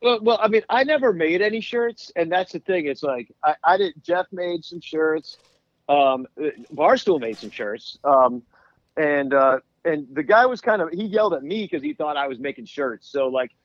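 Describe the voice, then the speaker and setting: A man's voice: fairly high pitch, lively intonation, moderate pace, dry recording, muffled recording. A man guesting as a musician, chatting casually in an interview and rambling through stories with lots of restarts. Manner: rambling, many restarts and laughs.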